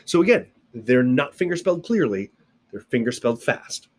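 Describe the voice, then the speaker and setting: A man's voice: medium pitch, sing-song, moderate pace. A man giving a casual recorded video lesson, explaining things step by step with playful sound effects and asides, recorded alone indoors on camera. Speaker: sign language teacher.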